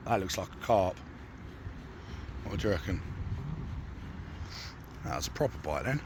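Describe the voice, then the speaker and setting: A man with a croaky voice, chatting and bantering as he commentates a fishing session outdoors. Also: deep voice, sing-song, a little slow, long pauses, noisy background. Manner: banters and asks questions. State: croaky after losing his voice to a cough. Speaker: angler and channel host. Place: lakeside outdoors.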